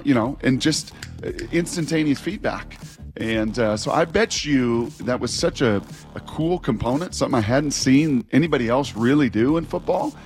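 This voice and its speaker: A man's voice: mid-range voice, a little fast, a little mellow, soft background music. A man in his forties, a former player co-hosting sports talk radio, telling stories in a rambling way with many restarts. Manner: rambling, self-interrupting, storytelling with restarts.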